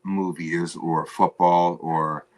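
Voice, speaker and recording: Rambling low-voiced man on a stream. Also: flat delivery, darkish tone. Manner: rambling, halting, self-deprecating. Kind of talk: casual livestream chat.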